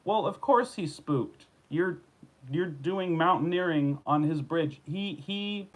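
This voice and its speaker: A man's voice: a little high, slow, low-quality recording. A man hosting his own show, reading odd news stories aloud and riffing on them sarcastically, full of restarts and asides, recorded at home. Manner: rambling, sarcastic, restarts and riffs on news he reads. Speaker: host. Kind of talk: solo comedic news rant.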